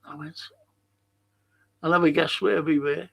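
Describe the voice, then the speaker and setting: Reading listener messages on his podcast, an older host chats casually and rambles. His voice is a little high, gravelly and a bit bright, unhurried, with fairly even intonation.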